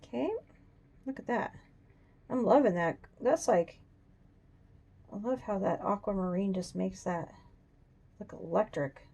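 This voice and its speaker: A woman hosting a coloring tutorial, chatting casually and thinking aloud as she works, even talking to her drawing. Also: medium pitch, measured pace, gravelly, pauses often, husky. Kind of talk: casual demonstration while drawing. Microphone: camera on a tripod.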